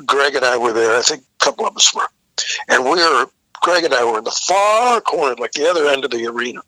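Bright, dry-voiced older rock singer. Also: male voice, medium pitch, expressive, quick pace, no echo, poor audio. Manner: rambling anecdotal, frequent restarts, profane. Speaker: rock vocalist guest. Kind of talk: casual storytelling interview.

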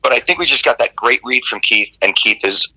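Man, gravelly voice, very bright tone, rock singer interviewed, rambling animated storytelling. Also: mid-range voice, a little fast, poor audio. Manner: rambling and animated, with many restarts.

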